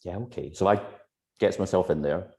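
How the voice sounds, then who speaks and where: Male guest, low mellow voice, animated storyteller acting out quotes, video call. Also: moderate pace, vocal fry. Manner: lively storyteller who acts out quotes and laughs often. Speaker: guest hypnotherapist.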